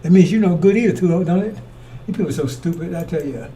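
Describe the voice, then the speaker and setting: A man's voice: sits high, fast, far from the mic, noisy background. A man preaching fiery, accusatory commentary on scripture, repeating himself as he drives each point home.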